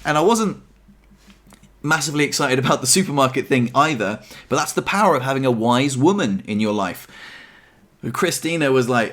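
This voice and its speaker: A man's voice: mid-range voice, lively intonation, moderate pace, a bit bright. A young man chatting casually in a self-deprecating, upbeat vlog about his life at home. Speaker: vlogger. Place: apartment.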